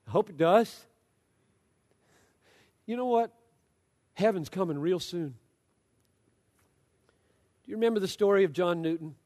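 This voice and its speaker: A man preaching a sermon with passion, moving between loud exhortation and low, hushed storytelling. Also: unhurried, pauses often, long reverb tail.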